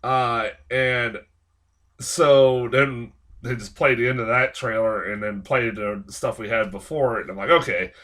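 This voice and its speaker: A man's voice: mid-range voice, steady tone, measured pace, a bit bright. A man giving a casual spoken film review, rambling and swearing constantly with many fillers as he rants in exasperation. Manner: rambling and heavily profane, with frequent fillers; exasperated ranting. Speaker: movie reviewer.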